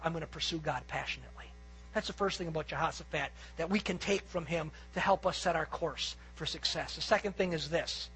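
A pastor preaching a sermon to his congregation, earnest and emphatic, swinging between loud peaks and quiet asides. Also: on the high side, gravelly, poor audio.

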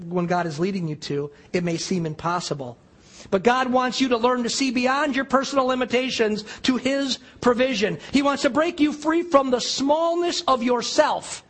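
Husky high-voiced pastor telling a story. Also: male voice. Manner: storytelling, conversational and earnest. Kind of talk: sermon.

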